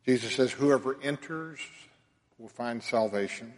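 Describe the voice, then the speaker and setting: A man's voice: medium pitch, unhurried. Man preaching in a reverberant hall. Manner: earnest preaching, swelling and dropping in loudness. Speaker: pastor. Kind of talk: sermon.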